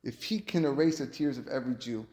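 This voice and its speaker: A man voicing a kindly old rabbi who speaks in a gentle, measured, reassuring way. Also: medium pitch, lightly acted. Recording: roomy echo.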